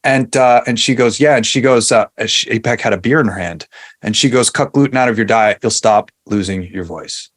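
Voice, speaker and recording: A man in his forties from Long Island, New York, telling his story as a podcast guest in a relaxed, chatty way with plenty of fillers and restarts. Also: medium pitch, brisk. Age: 40s. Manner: conversational, many fillers and restarts. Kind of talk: casual interview storytelling.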